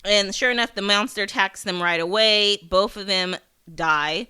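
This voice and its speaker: A woman hosts a podcast and recaps a TV episode in loose, chatty talk. Her voice is bright and forward at a middling pitch. She rambles, restarts her sentences and swears for emphasis. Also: normal speed, clean tone. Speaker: podcast host.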